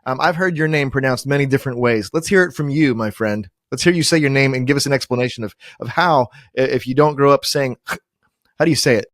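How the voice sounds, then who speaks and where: A man's voice: mid-range voice, a little fast, dry recording, studio quality. A man hosting a podcast, chatting loosely and restarting his questions as he goes. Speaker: podcast host. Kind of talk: casual interview chat.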